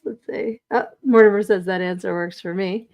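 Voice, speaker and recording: A woman's voice: medium pitch, fairly even intonation, normal speed, darkish tone. A woman hosting a live podcast stream, chatting casually, reading viewer comments aloud and laughing often. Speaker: podcast host.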